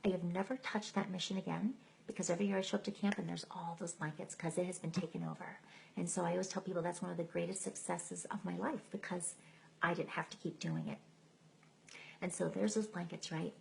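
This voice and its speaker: A middle-aged woman tells her own story live, candid and emotional, often laughing at herself. Her voice is rough with heavy vocal fry and sits a little low. A faint hiss runs under the stream. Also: steady tone, fairly quick, a little mellow, low-quality recording. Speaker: speaker sharing her testimony. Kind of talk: personal testimony told live. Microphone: phone or computer mic on a live stream.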